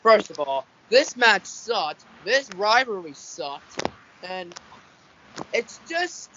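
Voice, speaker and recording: A man's voice: high voice, big pitch swings, slow pace, noisy background. Casual male podcast panelist, ranty, swears a lot, dull lo-fi mic. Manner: ranting, swears a lot, restarts. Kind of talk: casual chat. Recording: dull lo-fi audio.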